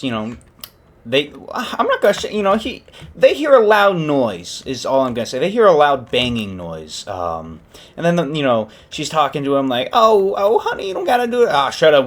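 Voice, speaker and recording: A young man casually retelling a story, rambling and correcting himself with lots of fillers. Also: mid-range voice. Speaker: podcast host.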